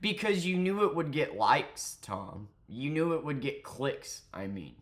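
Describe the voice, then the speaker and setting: A man's voice: medium pitch, very animated, a little slow. A man ranting angrily in a commentary vlog, profane and mocking. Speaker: commentary vlogger.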